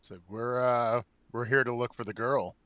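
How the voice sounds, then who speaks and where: A man's voice: mid-range voice, steady tone, normal speed, a bit bright, no echo, lo-fi sound. A man player describing his character in a blunt, cursing way. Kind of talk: casual tabletop game play.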